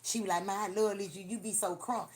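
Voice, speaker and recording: A woman hosting a livestream, telling profane, animated stories in casual chat with lots of repetition. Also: medium pitch, a little fast. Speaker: livestream host. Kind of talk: casual storytelling to a live audience.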